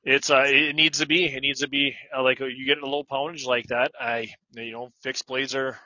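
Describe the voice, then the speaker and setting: Male interview guest, hesitant with fillers, strongly bright and tense tone, dull dry recording. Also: mid-range voice, little pitch movement, normal speed, no room sound. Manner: hesitant, many fillers and restarts. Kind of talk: casual interview chat.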